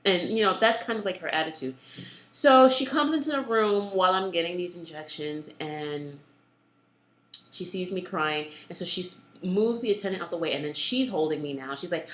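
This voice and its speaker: A young woman candidly telling the story of her birth, animated and blunt, with many fillers. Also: fairly low pitch, moderate pace, reverberant. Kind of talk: emotional personal storytelling.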